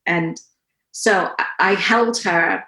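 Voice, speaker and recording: A woman's voice: fairly low pitch, takes it slowly. A woman in her forties, a podcast guest, talking earnestly and with feeling in a casual conversation. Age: 40s. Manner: earnest and emotional, animated storytelling. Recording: roomy echo.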